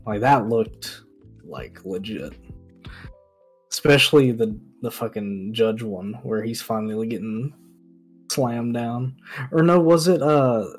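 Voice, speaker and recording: A man's voice: medium pitch, takes it slowly, slightly rough. A man co-hosting a casual podcast over an online call, loose and swearing freely. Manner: loose, swears, laughs often. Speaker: podcast co-host. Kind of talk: casual chat. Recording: online call, faint music behind.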